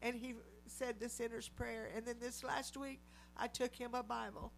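High-voiced woman telling a testimony sermon. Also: moderate pace, creaky, faint music behind. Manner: animated storytelling, acting out quoted voices. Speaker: lay preacher.

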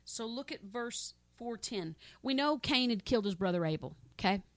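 A woman preaching a sermon with fervent, repetitive emphasis, swinging between loud exclamations and soft pleading prayer. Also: a little high, animated, normal speed, dry recording. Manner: fervent, repetitive, addresses listeners as saints.

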